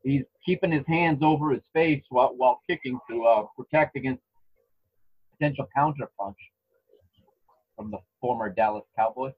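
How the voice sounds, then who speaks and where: Husky man doing casual fight commentary. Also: mid-range voice, normal speed, highs cut off. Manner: relaxed play-by-play with frequent restarts and chuckles. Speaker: podcast co-host commentating a fight. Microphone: home microphone.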